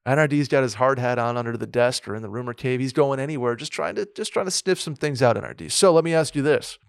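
A man's voice: medium pitch, fast talker, vocal fry, clear, resonant tone, dry recording, clean studio sound. A man co-hosting a casual sports podcast, rambling with lots of restarts and fillers. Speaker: podcast co-host. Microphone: studio mic with a soundboard.

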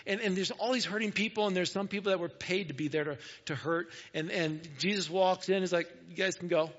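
Casual pastor with a slightly high voice. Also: male voice, fairly even intonation, a little fast. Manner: casual, conversational storytelling that often drops to a soft, hushed voice. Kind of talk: sermon retelling a gospel story. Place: church sanctuary. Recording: dull, lo-fi church recording with long hall reverb.

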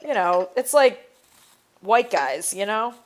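A woman's voice: medium pitch, expressive, slow pace. A young woman co-hosting a casual podcast chat, rambling with lots of fillers and restarts. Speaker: podcast co-host.

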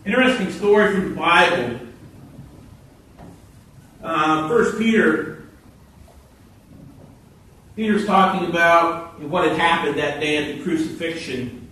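A man preaching a sermon, telling stories with animated quoted voices, heard from a distance in a church hall. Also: on the high side, takes it slowly, pauses often. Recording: echoey hall from far off.

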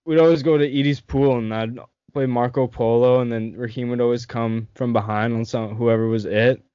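A man's voice: medium pitch, fairly even intonation, moderate pace, dark tone, clean tone, no room sound. Young man, casual storyteller, laughs a lot, dull dry lo-fi recording. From Canada. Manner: laughing storyteller, lots of swearing. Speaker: host. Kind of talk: casual chat with friends.

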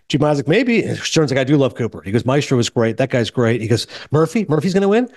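A man hosting a casual movie podcast, telling stories quickly and acting out the people he quotes. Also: on the high side, no echo, clean studio sound. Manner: fast, animated storytelling with quoted voices. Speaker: podcast host.

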